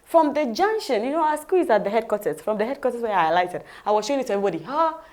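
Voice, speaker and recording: A woman's voice: a little high, animated, racing, darkish tone. A woman with a Ghanaian accent, an interview guest vividly telling her personal story and acting out the dialogue.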